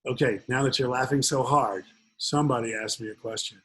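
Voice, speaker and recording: Husky, rambling male webinar host. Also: medium pitch, fairly quick, a bit bright, low-quality recording. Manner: rambling, joking, many fillers. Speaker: webinar host and investment speaker. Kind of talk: casual webinar talk with jokes.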